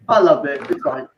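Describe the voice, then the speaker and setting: A man doing an open mic stand-up set, telling crude rambling stories with asides to the crowd. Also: a little high. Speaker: stand-up comedian. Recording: echoey room, muffled dull sound, faint noise.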